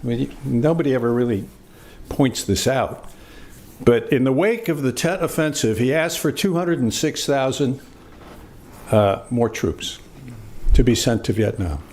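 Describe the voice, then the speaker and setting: Offering reflective thoughts on a panel, an older American ex-diplomat speaks at medium pitch with an expressive, somewhat dark tone. His pace is measured and halting, with frequent fillers.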